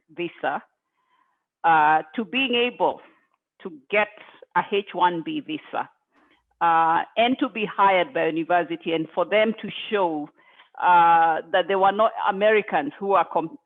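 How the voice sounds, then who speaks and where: A man with a somewhat high voice for a man, speaking through tinny, phone-like video call audio. He answers on a faculty panel hesitantly, using many fillers and restarts as he works through his story.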